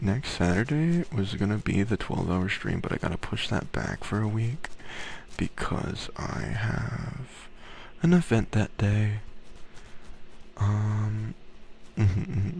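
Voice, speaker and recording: A man's voice: lowish voice, gravelly, a little mellow, a little hiss or hum. A man hosting a livestream in whispered ASMR chat, whispering, swearing casually and talking to his chat. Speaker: livestream host.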